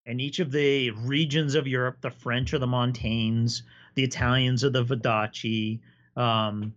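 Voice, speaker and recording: An enthusiastic man in a casual podcast chat, explaining at length and spinning a story. His voice sits at an ordinary middle pitch. The recording is a bit dull and lo-fi. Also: level tone, measured pace, a bit bright. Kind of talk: casual chat about tabletop games.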